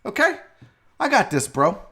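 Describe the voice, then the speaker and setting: A man hosting a live sports and entertainment show, chatting loosely with viewers and reacting loudly and profanely to a clip. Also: high voice, very animated, moderate pace, background noise. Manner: loud, profane and joking, often laughing and shouting while reacting to clips; rambling, chatty asides to viewers by name. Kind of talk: casual live-stream commentary.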